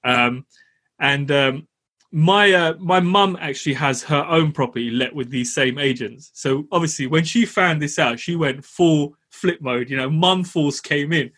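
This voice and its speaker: A man co-hosting a property podcast, with a husky, slightly raised voice. He tells the story in a chatty, slangy way and leans on "you know" as he goes. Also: on the high side, measured pace, sharp tone. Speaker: property podcast co-host and landlord. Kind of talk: casual storytelling.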